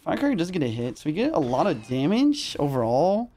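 A young man commentating his own live gameplay in casual slang, excitable and quick to yelp when rattled. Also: a little high, a little hiss or hum. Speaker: gaming streamer. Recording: music underneath.

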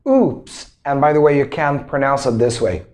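A man teaching English interjections, acting out example sentences in a slow, expressive way. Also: mid-range voice. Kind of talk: English vocabulary lesson.

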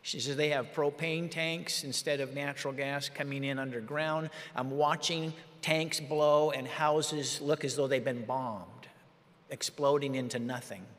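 Preacher in a reverberant hall. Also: male voice, mid-range voice, steady tone, measured pace. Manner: emotional, swings from quiet to loud. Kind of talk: sermon storytelling. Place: large meeting hall.

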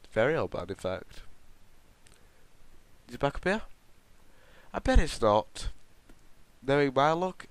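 A man's voice: medium pitch, smooth, no echo. A man hosting a gaming video, rambling and joking to his viewers as he plays. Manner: rambling, jokey, chatting to viewers. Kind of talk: gameplay commentary.

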